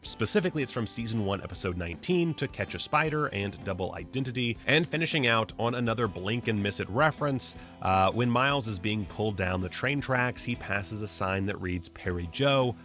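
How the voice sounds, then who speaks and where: A man's voice: lowish voice, a bit bright. A man narrating a movie-trivia video in a casual, enthusiastic way, with joking asides. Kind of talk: casual pop-culture commentary.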